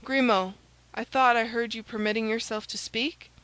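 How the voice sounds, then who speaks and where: A woman's voice: on the high side, steady tone, normal speed, fairly bright tone, no room sound, close to an everyday voice, poor audio. Woman doing a stern, commanding musketeer, audiobook. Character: stern, phlegmatic older male musketeer.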